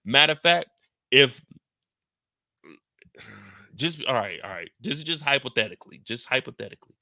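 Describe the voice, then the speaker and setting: A man recaps a TV episode in casual, profane, joking talk, his pitch swinging all over. His voice has a sharp, bright edge. The recording is dry and close to the mic. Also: expressive, moderate pace, dry recording. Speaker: show recap host.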